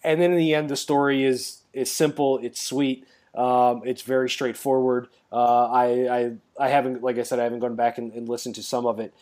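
A man's voice: mid-range voice, little pitch movement, brisk, hardly any pauses, darkish tone. A man co-hosting a podcast in casual chat, rambling along with many fillers and restarts. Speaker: podcast co-host.

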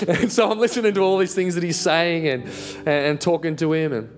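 A young adult man preaching a sermon and telling a personal story in an animated way, laughing at himself as he goes. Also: fairly high pitch, normal speed.

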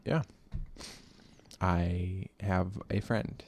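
Casting: young male podcast co-host, lowish voice, loose, chatty, rambling delivery. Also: fairly even intonation, very slow, vocal fry, darkish tone. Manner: rambling, many fillers and restarts. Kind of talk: casual chat.

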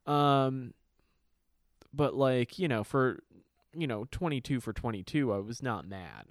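Animated, swearing man chatting. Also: mid-range voice, measured pace, dry recording, studio quality. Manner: animated, profane, acts out quoted voices. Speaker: podcast co-host. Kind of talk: casual chat.

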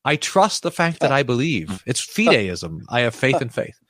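A man's voice: medium pitch, very animated, moderate pace, a bit bright, dry recording, clean studio sound. A man, a pastor and podcast guest, speaking reflectively and telling pastoral stories in a conversational interview, often restarting his sentences. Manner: storytelling, reflective, frequent restarts.

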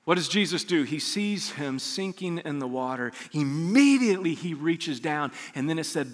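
A man's voice: fairly high pitch, expressive, normal speed, big-room sound. A man preaching a sermon as pastor, talking conversationally and acting out scenes from scripture.

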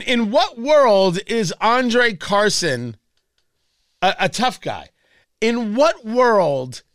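A man's voice: high voice, fairly bright tone, no room sound, clean studio sound. A man hosting a political talk radio show, delivering a sarcastic, mocking monologue full of rhetorical questions. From Indianapolis area.

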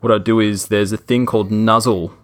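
A man's voice: lowish voice, steady tone, a little fast. A man co-hosting a podcast, chatting casually, laughing often and stumbling over his words. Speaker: podcast co-host. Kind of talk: casual chat.

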